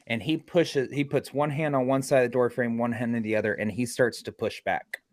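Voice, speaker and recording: A man recounts an investigation in a lively storytelling way, acting out every quoted line. His voice sits at an ordinary middle pitch for a man. The recording is dry and close, with no room sound. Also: a little fast, no room sound. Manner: acts out quoted lines with lively energy. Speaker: paranormal investigator. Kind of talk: animated storytelling on a podcast.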